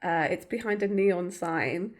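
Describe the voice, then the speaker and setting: A woman's voice: lowish voice, measured pace. A woman co-hosting a podcast, recapping a TV episode in casual, chatty talk full of fillers and giggles. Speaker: podcast co-host.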